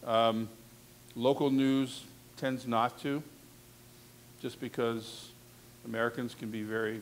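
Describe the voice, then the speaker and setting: A man's voice: medium pitch, little pitch movement, takes it slowly, slight background noise. A man coaching a class on reporting, speaking candidly and conversationally in a classroom session. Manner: candid, conversational, frank asides. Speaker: talent coach. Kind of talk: instructive classroom talk.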